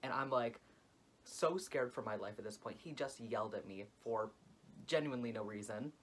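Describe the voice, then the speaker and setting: A young man vlogging a dramatic storytime, expressive and full of "like" fillers. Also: medium pitch, normal speed, husky. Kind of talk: storytime vlog.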